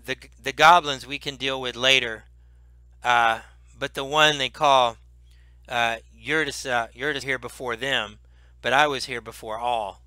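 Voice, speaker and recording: A man voicing an old dragon who speaks slowly and hesitantly. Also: medium pitch, fairly even intonation, bright, forceful tone, dry recording. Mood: wary. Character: old wary dragon, slow and measured.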